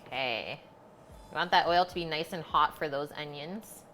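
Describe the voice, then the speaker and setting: Her voice sits low but has a fairly bright tone, moving at a moderate pace, with a touch of hiss or hum from the streaming mic. She hosts a live cooking stream at home, chatting easily with her chat while she cooks.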